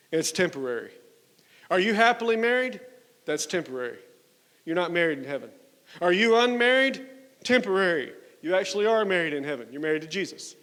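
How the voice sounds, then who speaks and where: Male pastor, high voice, emphatic sermon delivery, reverberant sanctuary sound. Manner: emphatic, dropping low and soft on key words. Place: church sanctuary.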